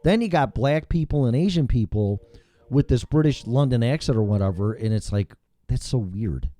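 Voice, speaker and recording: A man's voice: mid-range voice, animated, moderate pace, dark tone. Blunt, rambling male talk host. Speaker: morning show host. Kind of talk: casual chat.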